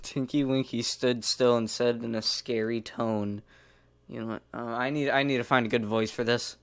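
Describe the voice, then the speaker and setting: A man's voice: mid-range voice, steady tone, moderate pace, no room sound. Giggly man reading fan fiction aloud. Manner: giggly, rambling asides, some whispered. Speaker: reader.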